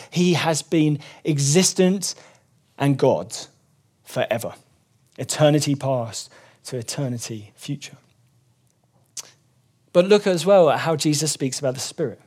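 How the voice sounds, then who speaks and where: A man's voice: fairly high pitch, a little slow, long pauses, darkish tone. A man preaching a sermon, earnestly explaining scripture and rising emphatically when he quotes it.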